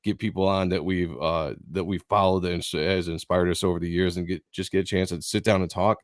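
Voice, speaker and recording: Lowish voice guy hosting a stream, relaxed and chatty, dry close sound. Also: brisk, no room sound. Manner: laid-back, chatty, trips over words. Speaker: host. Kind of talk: casual chat.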